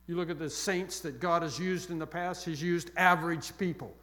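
A man preaching a sermon with emphatic, repeated phrases that fall soft and quiet toward the close. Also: fairly high pitch, steady tone, normal speed. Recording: long echo of a large hall.

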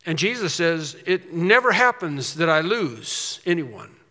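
Male pastor, sermon, bright forceful voice, loud drawn-out emphasis, reverberant hall. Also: fairly high pitch, big pitch swings. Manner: preaching with sudden loud emphatic swells and slowed, drawn-out phrases.

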